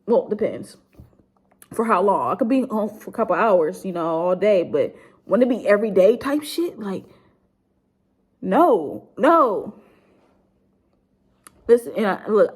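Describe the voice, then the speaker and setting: In an emotional storytime vlog, a grieving young woman speaks to her YouTube audience in a subdued way. Her husky, medium-pitched voice has lively intonation at a moderate pace with long pauses, and her talk is rambling, blunt, profane, and full of "like."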